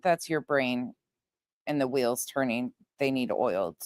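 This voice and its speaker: A woman's voice: rumbling low, measured pace, darkish tone, no room sound. A woman host doing heated commentary on clips, talking straight to her viewers and swearing as she reacts.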